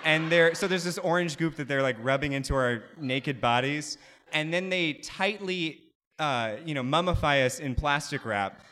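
A man's voice: fairly high pitch, moderate pace, sharp tone, a little hiss or hum. A man telling a personal story live to an audience, conversational and wry, with lots of "you know" fillers. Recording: long hall reverb.

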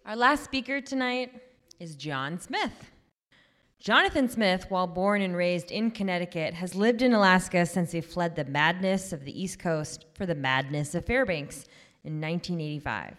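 A woman host introduces the next speaker from a prepared script, her voice pitched on the low side. She reads in a measured, even way. A long reverb trails behind her, as if she were in a big hall. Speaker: event host.

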